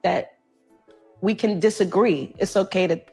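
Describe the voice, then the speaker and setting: A woman's voice: medium pitch, a little slow, mellow, husky, faint music behind. A woman telling a personal relationship story in an earnest, heartfelt and tearful manner.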